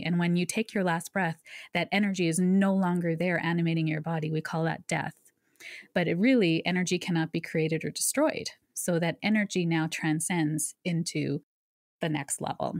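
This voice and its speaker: A woman's voice: fairly low pitch, no room sound, clean studio sound. A woman guest on a podcast, a psychic medium, telling her story and explaining ideas in an earnest, conversational way. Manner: earnest, explanatory, with lively asides.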